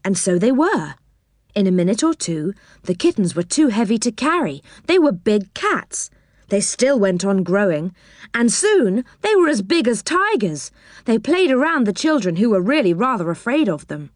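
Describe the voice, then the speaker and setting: A woman narrating a children's storybook in a lively, expressive way. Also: medium pitch, moderate pace, no echo, clean studio sound.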